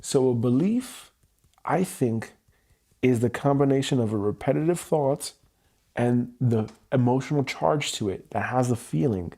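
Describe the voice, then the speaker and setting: A man hosting a tapping livestream, speaking slowly and candidly about his past feelings in a personal, reflective way. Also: medium pitch, warm tone. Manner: slow, candid, searching self-reflection. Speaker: EFT tapping livestream host. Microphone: livestream mic.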